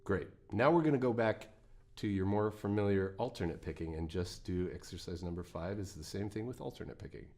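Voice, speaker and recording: A man's voice: sits low, a little fast. A man teaching a guitar lesson, talking through picking exercises in a plain, encouraging way with the odd folksy quip. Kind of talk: instructional lesson.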